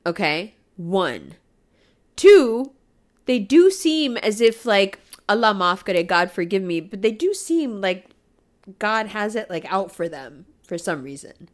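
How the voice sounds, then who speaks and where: A woman's voice: on the low side, expressive, measured pace, fairly bright tone. Raw, emotional woman swearing freely. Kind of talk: candid personal monologue.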